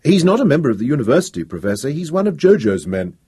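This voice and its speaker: A man doing a jittery young student helper, anxious and eager to avoid trouble, for a storybook reading. The voice sits a little higher and slightly husky, with lively ups and downs. He pleads and warns in quick, worried phrases. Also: no room sound, studio quality. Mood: informative. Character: young male student assistant, nervous and cautious.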